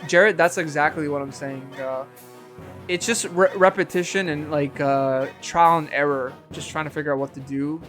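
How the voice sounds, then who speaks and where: A man's voice: fairly high pitch, a bit bright. A man streaming a video game, chatting casually, rambling and swearing at the game, with chuckles. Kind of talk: casual live-stream chat.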